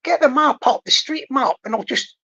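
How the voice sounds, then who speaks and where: Teasing high-voiced man, lo-fi. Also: expressive, normal speed. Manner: teasing, mocking. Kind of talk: casual banter. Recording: dry, dull lo-fi sound.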